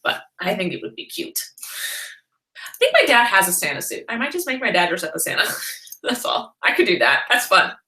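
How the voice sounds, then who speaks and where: A woman's voice: medium pitch, very animated, fairly quick, bright, forceful tone. A woman chatting casually on a livestream, rambling and laughing often as she answers comments. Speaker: vlogger live-streaming. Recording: roomy echo.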